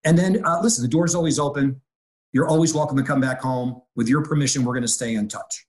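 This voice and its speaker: A man's voice: mid-range voice, fast talker. A middle-aged man speaking as a real estate executive in a conversational interview, energetically acting out quoted dialogue.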